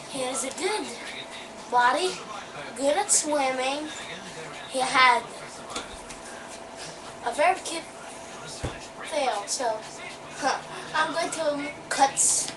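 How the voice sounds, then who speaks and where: High-voiced woman talking slowly to her puppy, noisy echoey webcam audio from a distance. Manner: chatty, scolds the puppy and yelps out loud. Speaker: dog owner. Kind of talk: casual home video. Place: room at home.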